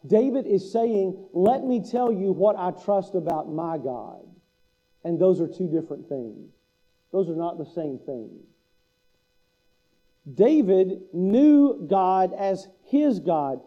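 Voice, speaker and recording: A man's voice: sits high, lively intonation, slow, mellow, highs cut off. A man preaching a sermon as pastor, asking the listeners a string of rhetorical questions and building to urgent emphasis.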